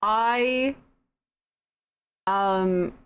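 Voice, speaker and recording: A young British woman hosting a casual game stream, reading viewer comments in giggly, bashful, animated bursts. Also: medium pitch, very slow, clear, resonant tone. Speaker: livestream host.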